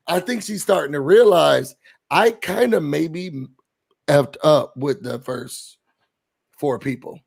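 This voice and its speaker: On the higher side and husky with vocal fry, this podcast host keeps a moderate pace in a casual chat. He speaks animatedly and acts out quotes from others.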